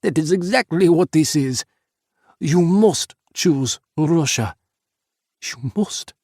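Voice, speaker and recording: A man's voice: a little high, expressive, slow pace, mellow, breathy edge, no room sound, studio quality, voice pushed up, full character voice. A man voicing a stern, bitter young male Russian officer who growls through gritted teeth.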